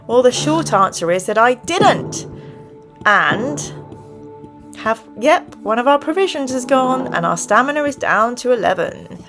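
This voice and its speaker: A woman's voice: a little high, lively intonation, a little slow, music in the background. A woman hosting a live stream from home, chatting in rambling asides and reading an adventure book aloud. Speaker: host. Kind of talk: live-streamed gamebook play and chat.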